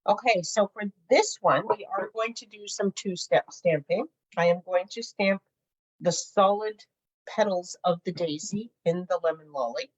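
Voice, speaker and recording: A middle-aged woman demonstrating a craft project in casual chat, laughing often and filling pauses with "uh.". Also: mid-range voice, slightly rough, muffled recording. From Canada. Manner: chatty, laughs often, many fillers. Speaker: craft instructor.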